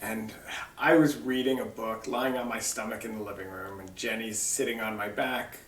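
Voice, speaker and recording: A middle-aged man telling family stories in a lively, animated way, heard with a roomy echo from a distance. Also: fairly low pitch, normal speed. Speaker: interviewer, son. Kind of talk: casual family conversation.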